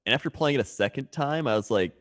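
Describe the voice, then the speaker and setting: A man's voice: medium pitch, lively intonation, fast talker, a bit bright. Laid-back man in casual podcast chat.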